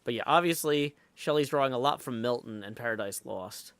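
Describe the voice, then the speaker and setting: A man's voice: medium pitch, brisk, fairly bright tone, smooth, no echo. A man live streaming while he plays, chatting casually and thinking aloud with lots of fillers, and greeting viewers in the chat.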